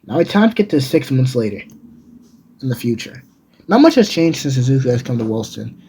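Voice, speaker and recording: A man's voice: mid-range voice, big pitch swings, fairly quick, darkish tone, slightly rough. A man narrating a fan-made story in a casual, rambling way, often correcting himself mid-sentence. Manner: rambling, with restarts and self-corrections.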